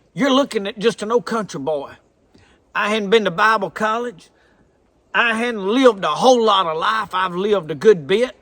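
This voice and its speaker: A man's voice: sits high, sharp tone, dry recording. A man with a thick Southern drawl preaching a folksy, earnest sermon. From American South.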